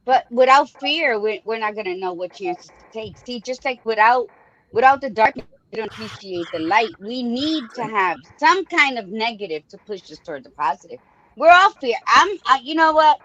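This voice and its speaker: A woman's voice: fairly high pitch, fairly bright tone, muffled recording. A woman co-hosting a podcast, chatting casually in a blunt, joking way. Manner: blunt, joking, uses cliches. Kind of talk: casual chat.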